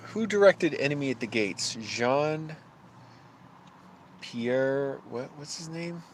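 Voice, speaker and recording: A man streaming live, thinking aloud in casual chat, halting often as he searches for names. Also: medium pitch, animated, slight background noise.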